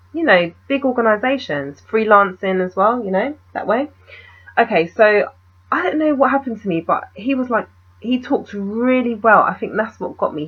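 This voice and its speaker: A woman's voice: mid-range voice, breathy edge, lo-fi sound. A young woman, telling a story in a casual, rambling vlog and asking the viewer questions.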